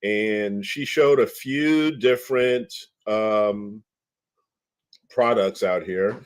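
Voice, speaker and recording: A man co-hosting a casual chat, halting and searching for words. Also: on the low side.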